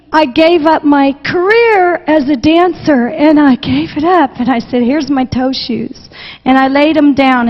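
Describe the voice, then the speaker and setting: A woman missionary preacher giving an emotional testimony sermon, passionate and repetitive, close to tears at times. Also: sits high. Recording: dull recording with long hall reverb.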